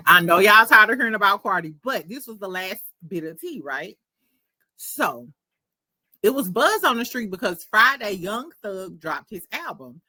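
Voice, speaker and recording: A woman's voice: medium pitch, lively intonation, normal speed, pushed and bright, dry recording. A woman hosting a casual gossip show, chatty and sassy, laughing often. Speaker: podcast host.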